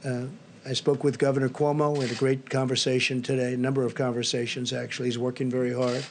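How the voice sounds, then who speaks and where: Older man, press briefing remarks, repetitive, superlatives, mid-pitched voice. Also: level tone, fast, a little hiss or hum. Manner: rambling, repetitive, superlative-heavy. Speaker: briefing speaker at press podium.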